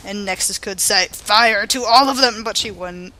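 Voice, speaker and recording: A woman's voice: medium pitch, moderate pace, bright, forceful tone, slight background noise. A young woman narrating her video game playthrough like a goofy storybook, full of silly asides. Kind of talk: playful let's-play narration.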